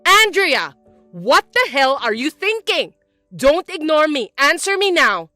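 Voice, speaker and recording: A woman's voice: sits high, big pitch swings, normal speed, fairly bright tone, no echo, faint music behind. A woman voicing a domineering mother-in-law who talks in an indignant, accusing, whiny way. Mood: furious. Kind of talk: scripted story voice-acting.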